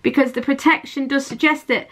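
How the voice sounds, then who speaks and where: Bright-voiced woman reading tarot. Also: high-pitched, steady tone, fairly quick. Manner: chatty, repeats and restarts phrases, warm reassuring asides. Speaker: tarot reader. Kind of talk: intuitive tarot reading to camera.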